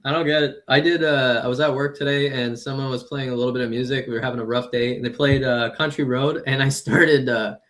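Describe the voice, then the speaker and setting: A man's voice: mid-range voice, steady tone, a little fast, few pauses, fairly bright tone. A man on a comedy podcast telling profane stories, often laughing as he talks. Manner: storytelling with frequent laughs, profane. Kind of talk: casual podcast banter.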